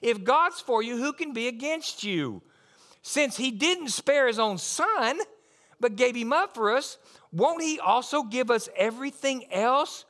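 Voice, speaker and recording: A pastor delivers a sermon with emphasis and frequent repetition. His pitch swings widely, and his voice sits slightly higher than most men's. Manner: emphatic, lively preaching with repetitions and asides.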